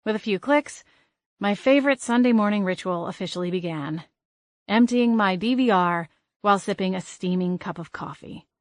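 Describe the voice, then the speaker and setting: A woman narrating an audiobook in an expressive, brisk reading style. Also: medium pitch, dry recording, clean studio sound.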